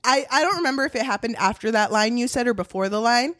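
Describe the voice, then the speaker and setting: A woman co-hosting a casual book podcast, animated and swearing freely, breaking into laughter. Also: fairly high pitch, quick pace, no echo, studio quality. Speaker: podcast co-host.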